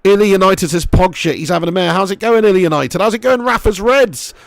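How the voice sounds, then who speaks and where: Young male streamer, high gravelly voice, sweary excitable game commentary and chat banter. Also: fast, no room sound. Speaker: gaming live streamer.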